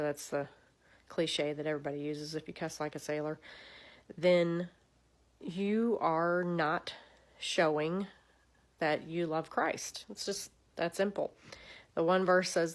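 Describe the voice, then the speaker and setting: A woman hosting a casual devotional talk, chatty and earnest, with lively swings in pitch. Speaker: devotional host.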